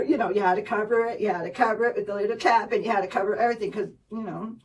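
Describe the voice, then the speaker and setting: A woman's voice: on the high side, fast, hardly any pauses, far from the mic, soft background music, rough recording. A woman chatting casually as a gossip vlogger, sarcastic and rambling, often repeating herself. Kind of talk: casual celebrity gossip chat.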